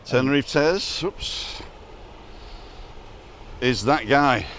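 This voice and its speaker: A man's voice: medium pitch, expressive, drawn-out words, fairly bright tone, a little hiss or hum. Jokey chatty English man outdoors. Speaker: vlogger filming a walkabout. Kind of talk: casual chat. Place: outdoors by a seaside street.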